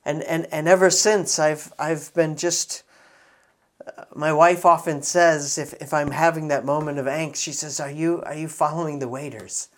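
A middle-aged man preaching in a relaxed storytelling way, with frequent restarts and quiet, intimate asides. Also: fairly high pitch, moderate pace. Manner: conversational, many restarts, soft intimate asides. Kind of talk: sermon storytelling.

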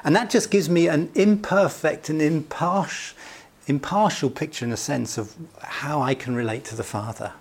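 Jovial pastor, slightly high voice. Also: male voice, normal speed, husky. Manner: chatty and jovial, often chuckling, lots of "you know". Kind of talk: conversational sermon.

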